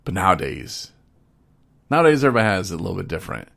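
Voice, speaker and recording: A man co-hosting a podcast, telling stories in a drawling, folksy way with hushed asides. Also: deep voice, very animated, racing, vocal fry. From Michigan. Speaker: podcast co-host. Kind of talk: casual storytelling chat.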